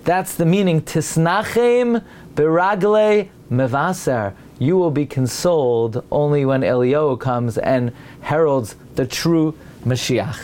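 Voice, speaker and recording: A man's voice: measured pace, few pauses. A man giving a Torah lecture, weaving in many Hebrew and Aramaic terms, and his voice climbs as he builds each point. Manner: animated, rising pitch when building a point. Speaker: rabbi giving a Torah class.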